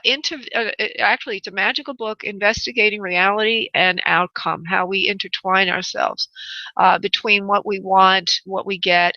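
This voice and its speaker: A woman from New York with a New York accent, hosting a live call-in radio show as a psychic medium, chatty and pausing to consult spirit. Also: medium pitch, creaky, sharp tone, no room sound, dull audio. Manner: chatty, pauses to consult spirit, laughs easily.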